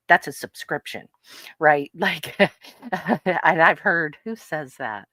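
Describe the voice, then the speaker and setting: Brief: middle-aged female podcast co-host, low voice, dry close sound, lively storyteller who laughs a lot. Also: measured pace, no echo. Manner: animated storyteller, laughs often, acts out quotes. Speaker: podcast co-host and health coach. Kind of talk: casual podcast chat. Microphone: podcast microphone.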